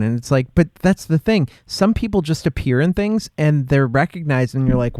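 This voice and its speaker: A man hosting a podcast, chatting in a relaxed, friendly way with fillers. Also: a little high, brisk, hardly any pauses, dry recording, clean studio sound. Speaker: podcast host. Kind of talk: casual interview chat.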